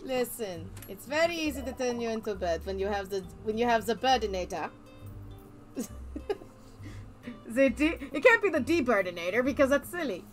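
A young woman chats over a game in a high, bouncy voice. She teases and jokes with a playful, laughing manner. Faint music plays underneath. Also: expressive, normal speed, long pauses. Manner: playful, teasing, laughs often, silly put-on accents. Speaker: streamer playing a hospital game. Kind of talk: casual gaming chat.

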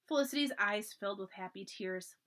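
A woman reading a children's storybook aloud for a library, with expressive, animated narration. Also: mid-range voice, a little fast.

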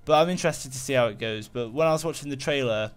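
A man talking casually over his own gameplay, rambling through fillers and half-finished thoughts. His voice sits at an ordinary middle pitch and jumps up when something surprises him. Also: fast talker, clear, resonant tone, soft background music. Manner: rambling, full of fillers and restarts, easily excited. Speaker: gaming channel host. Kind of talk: casual let's-play commentary.

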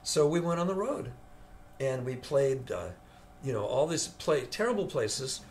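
An older man, a veteran studio guitarist, telling an animated story in an interview and acting out the voices of the people in it. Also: medium pitch, unhurried, slight background noise.

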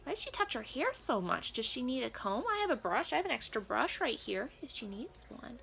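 A fussy, scandalized old grandmother, played by a woman, rambles through a comedy reaction video. Her voice sits fairly high, with a gravelly creak and a bright, sharp edge. It jumps all over as she frets and wanders into quaint asides. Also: sing-song, fairly quick, heavily acted. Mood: flustered. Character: prim, nosy elderly grandmother reacting to a pop act.

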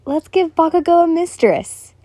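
A cheerful young nobleman teases his friend in a light, slightly raised voice, as a woman reading the story puts him on. The voice is mellow and recorded dry and close. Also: fairly high pitch, animated, takes it slowly, dry recording. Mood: teasing. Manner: playful, teasing.

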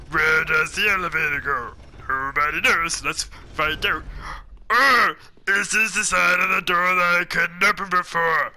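A man with a sore throat giving excitable let's play commentary, swearing a lot and narrating his own moves. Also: high-pitched, measured pace. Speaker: gaming commentator. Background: game music.

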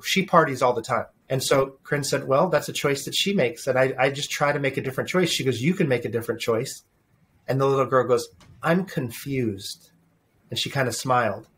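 A middle-aged man being interviewed as a leadership speaker, telling animated family anecdotes with frequent restarts. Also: mid-range voice, a little hiss or hum. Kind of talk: conversational interview storytelling.

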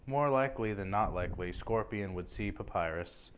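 Young man, low voice, casual fan debate chat, rambling restarts, faint background hiss. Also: normal speed. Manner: rambling, restarts and stammers when excited. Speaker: co-host.

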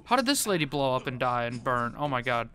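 A man giving gameplay commentary, panicking and pleading in fast repeated bursts. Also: medium pitch, sing-song, sharp tone. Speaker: gaming YouTuber.

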